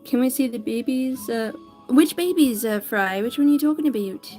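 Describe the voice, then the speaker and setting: Soft music plays in the background as this woman, a digital artist, draws on a livestream and chats casually. She greets viewers by name, upbeat and chatty, in a mellow, somewhat high voice at a moderate pace.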